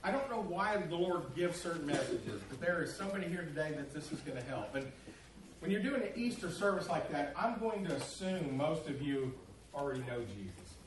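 A man delivers a sermon, rambling and folksy with plenty of "uh"s. His voice sits a little high for a man. He is heard from a distance in an echoey church sanctuary with faint room noise. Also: expressive, brisk. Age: middle-aged or older. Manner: folksy, rambling with many fillers. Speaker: pastor. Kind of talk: sermon with storytelling.

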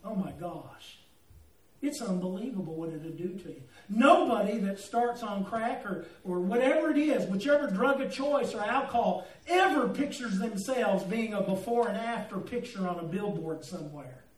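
A pastor's high-pitched, lively voice moves at a moderate pace as he preaches in a church sanctuary. He tells folksy stories with jokes and asides for the congregation, and the recording comes from a distant mic in an echoey hall.

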